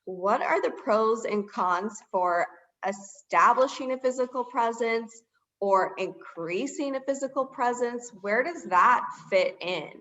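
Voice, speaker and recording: A woman's voice: fairly high pitch, takes it slowly, fairly bright tone, lo-fi sound. A woman hosting a webinar interview, enthusiastic and encouraging as she asks questions. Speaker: webinar host.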